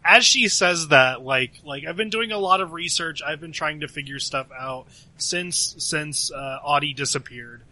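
Bright-voiced man, rambling player. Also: fairly high pitch, normal speed, hardly any pauses, rough recording. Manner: rambling, filler-heavy with many likes. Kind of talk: narrating a character in a tabletop game.

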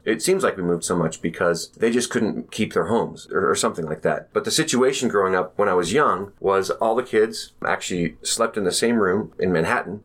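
Deep-voiced man telling his story. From United States. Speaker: podcast guest. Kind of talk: personal storytelling interview.

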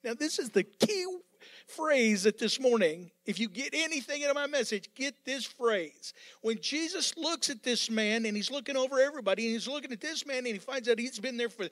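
A man over fifty preaching a sermon as pastor, fervent and repetitive, building up to yelling with joking asides. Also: very high-pitched, expressive, brisk.

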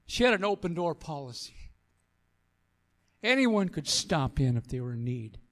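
A man's voice: on the high side, very animated, normal speed. A man pastor giving an earnest sermon, repeating phrases for emphasis as he tells a story and then exhorts the congregation.

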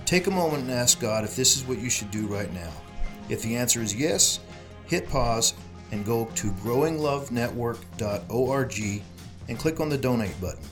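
A man reading a scripted donation appeal slowly and in a measured way. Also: medium pitch, expressive. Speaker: announcer. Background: music.

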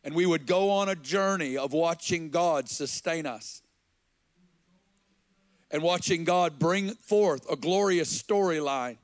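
Casting: man, preacher, earnest storyteller, fairly high voice, dry close sound. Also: no room sound. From Arkansas, USA. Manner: earnest, slow and halting, with quoted dialogue. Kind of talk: sermon storytelling.

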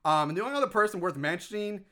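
High, bright-voiced male podcast host. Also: expressive, racing. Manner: loose and profane, joking sarcasm. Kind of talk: casual podcast chat.

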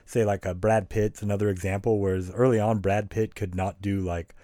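A man's voice: lowish voice, little pitch movement, brisk, dark tone, no echo. A man co-hosting a podcast, chatting casually and frankly about a game, rambling and swearing freely. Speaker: podcast co-host. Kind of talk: casual review chat.

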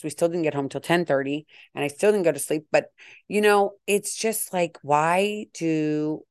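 Chatty middle-aged woman podcaster, low-ish voice. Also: darkish tone, clean tone, no room sound. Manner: chatty, rambling, self-deprecating, acts out quoted exchanges. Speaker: podcast host. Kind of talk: casual solo podcast monologue.

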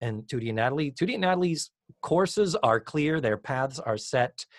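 Male podcast co-host, lively pitch, acts out quotes, casual recap, dry close mic. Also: moderate pace, dry recording. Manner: animated, acts out quotes in raised voices.

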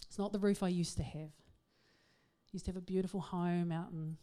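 A middle-aged woman, giving a humorous, self-mocking talk to an audience in an animated storytelling manner. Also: lowish voice, moderate pace. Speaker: speaker.

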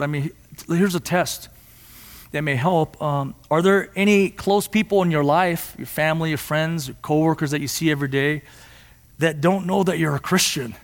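A man preaching a sermon in a church, impassioned and at times rising to near shouts. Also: on the high side, moderate pace, in a large hall. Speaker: pastor.

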